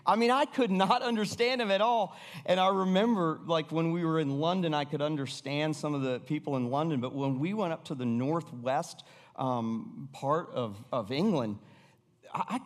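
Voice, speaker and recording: A middle-aged American man preaching in a chatty, unscripted way, his voice sitting a little high for a man. He trips over restarts and now and then sinks to a hush. Long reverb rings around him in a big hall. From United States. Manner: conversational, with repeated restarts and sudden drops to a hush. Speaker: pastor. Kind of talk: sermon.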